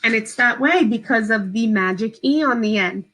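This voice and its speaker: A woman teacher giving a slow, patient, step-by-step phonics lesson to young children from home. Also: a little high, fairly bright tone, low-quality recording.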